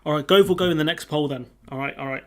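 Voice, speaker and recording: Male streamer, a little high-pitched, relaxed and chatty, reacts to his viewers' comments. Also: quick pace. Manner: chatty, reads viewer comments aloud, runs polls. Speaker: livestream host. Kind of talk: casual live-stream chat.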